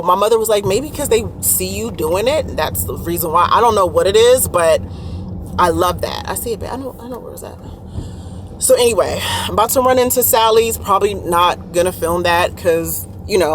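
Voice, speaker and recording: A woman's voice: fairly low pitch, a little hiss or hum. A woman, chatting casually to viewers in her vlog. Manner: chatty, addresses viewers as y'all. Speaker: vlogger.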